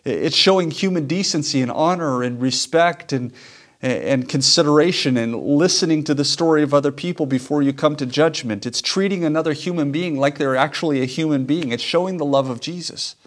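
A man's voice: a little high, brisk. Earnest man preaching a sermon. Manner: earnest, emphatic preaching with repetition. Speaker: pastor.

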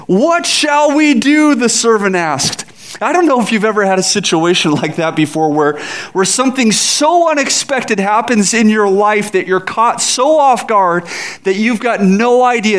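Pastor, male, high-pitched, animated sermon delivery with acted-out voices. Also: moderate pace. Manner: animated preaching, acts out voices in scripture.

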